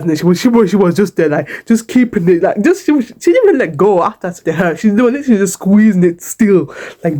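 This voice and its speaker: A woman's voice: mid-range voice, very animated, fast, mellow. A young woman vlogger telling a casual storytime, chatty and repetitive, with frequent swearing. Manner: chatty, repeats herself, swears, sings a short hymn.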